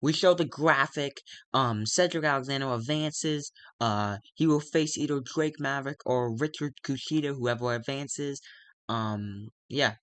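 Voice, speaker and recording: A young man casually recapping a wrestling management game, narrating the matches and now and then putting on quick voices for the wrestlers. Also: a bit bright, no room sound. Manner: recaps matches and briefly acts out wrestlers' lines in quick, squeaky outbursts. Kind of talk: casual let's-play narration.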